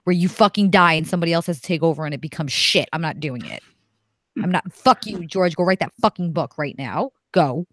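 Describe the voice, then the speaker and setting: A woman in her thirties chatting casually on a podcast, blunt and profane, with an animated way of talking. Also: fairly low pitch, brisk. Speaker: podcast co-host guest.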